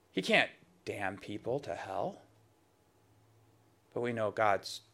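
A man preaching a sermon in a conversational, emphatic way, dropping suddenly to soft, low asides.

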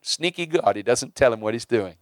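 A man preaching a sermon, repeating and restarting words and swinging from hushed to emphatic. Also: mid-range voice, animated, a little fast, no room sound, studio quality.

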